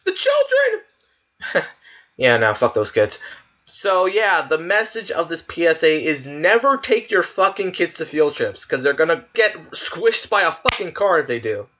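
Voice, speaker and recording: Dude ranting and swearing at clips, bouncy pitch, kinda muffled lo-fi audio. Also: male voice, very animated, moderate pace, sharp tone. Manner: profane, incredulous ranting with laughs. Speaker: video creator ranking clips. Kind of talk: casual commentary.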